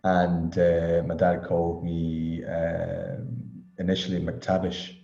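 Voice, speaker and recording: A Scottish man chats on a video call in a deep, gravelly, mellow voice. He rambles reflectively, breaking into small chuckles. The audio is echoey and somewhat muffled. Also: completely flat delivery, slow pace. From Scotland. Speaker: study group participant. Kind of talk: casual chat. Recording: echoey, dull lo-fi room audio.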